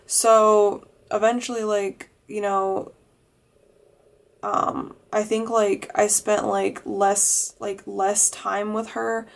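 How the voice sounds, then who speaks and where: A woman's voice: medium pitch, little pitch movement, slow, gravelly. A young woman vlogger telling a heated, profane storytime, leaning hard on "like" as she talks. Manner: heated, profane, heavy use of "like". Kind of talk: casual storytime monologue.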